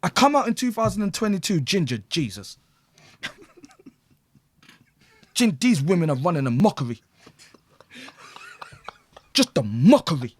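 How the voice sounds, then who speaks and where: A middle-aged man, a podcast guest, telling a story loudly, swearing, acting out the people he quotes and laughing often. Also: a little high, sing-song, unhurried, long pauses, slight background noise. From England. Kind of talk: animated storytelling.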